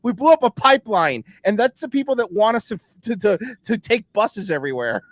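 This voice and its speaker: A man's voice: high voice, very animated, a little fast, no echo. A man in casual comic banter, ranting sarcastically with profanity. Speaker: guest comedian.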